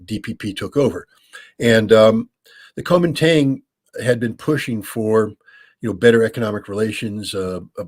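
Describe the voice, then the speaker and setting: An American man with a fairly low, husky voice, talking through a call-in question at length. He explains loosely, with plenty of ums and restarts, as the show's regular guest. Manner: many fillers and restarts, explanatory. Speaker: guest analyst, regular of the show. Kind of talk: call-in Q&A commentary.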